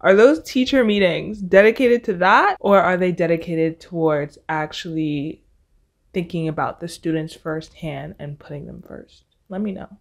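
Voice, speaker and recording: A woman's voice: fairly low pitch, normal speed. A young woman in college hosting her own podcast, talking to listeners in a chatty, sarcastic way. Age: young adult. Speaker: podcast host. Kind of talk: casual solo podcast chat.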